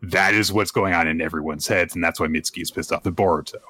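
A fast-talking man with a deep voice co-hosts a relaxed podcast, summarizing a manga chapter. His storytelling is animated, with the characters' lines acted out and frequent fillers such as "uh."

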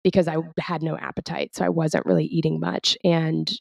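Woman podcast co-host, low gravelly voice, dry close sound, candid and soft-spoken. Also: little pitch movement, brisk, no echo, muffled recording. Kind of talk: casual chat.

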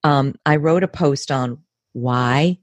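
A woman in her fifties with an American accent and a very deep voice speaks as a guest in an earnest conversational interview. She's measured and emphatic, often repeating words for stress, and the recording is dry.

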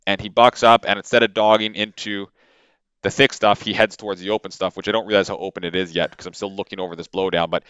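Low-voiced man, animated storyteller. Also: quick pace, clean tone, dry recording, highs cut off. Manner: animated, with many fillers and repeated words. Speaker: podcast guest. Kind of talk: casual storytelling. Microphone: podcast microphone.

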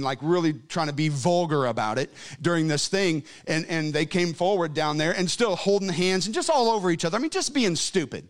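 A man preaching a sermon in a church service, fervent and storytelling, swinging between quiet asides and loud calls. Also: fairly high pitch. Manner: conversational storytelling.

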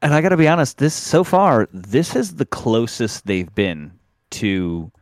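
A man's voice: medium pitch, dry recording, studio quality. A man co-hosting a podcast, chatting casually, laughing often and recapping an episode's plot. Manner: animated, laughs often, quick asides. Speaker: podcast co-host.

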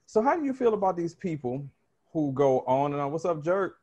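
A man's voice: fairly high pitch, sing-song, fairly quick, a little mellow, husky, highs cut off. A man hosting a podcast, chatting casually and rambling with restarts. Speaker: podcast host. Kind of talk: casual chat.

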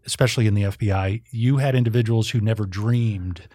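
A man's voice: on the low side, fairly even intonation, brisk, dark tone, dry recording. Plainspoken middle-aged man, dry sound. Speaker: guest, retired federal agent. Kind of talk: casual interview chat.

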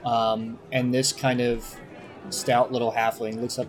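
A man's voice: medium pitch, flat delivery, unhurried, faint music behind. A man narrating as game master in a tabletop game, describing scenes in a loose, rambling way with many fillers.

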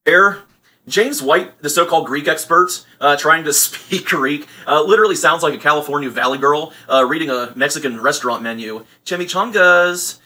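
A man speaking as a debater, his tone mocking and scornful. His voice is bright and forceful, pitched a little high. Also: brisk. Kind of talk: debate remarks.

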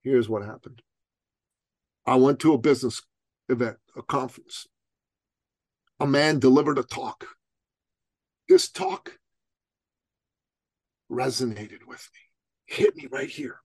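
A middle-aged man from Iran leans into his own story, firing off punchy rhetorical questions. His pitch sits in an ordinary middle range. The sound is dry and close, with no room around it. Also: big pitch swings, takes it slowly, pauses often, no echo. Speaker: guest entrepreneur and coach. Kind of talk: personal storytelling in an interview.

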